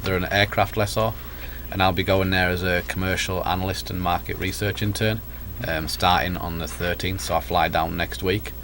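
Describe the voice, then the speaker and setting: A man's voice: low voice, slight background noise. A young man with an English accent, chatting as a guest in a casual radio talk. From England. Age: young adult. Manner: relaxed, chatty, quick with fillers. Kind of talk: casual chat.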